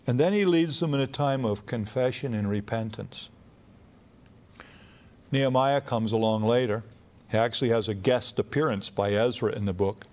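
A man's voice: medium pitch, moderate pace, a little mellow. A man preaching a sermon in a conversational teaching manner, reading scripture aloud with rising emphasis.

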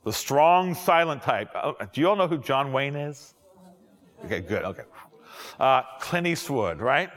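Animated middle-aged male pastor preaching. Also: mid-range voice, a little slow, in a large hall. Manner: animated preaching, jokes and asides. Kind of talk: sermon to young adults.

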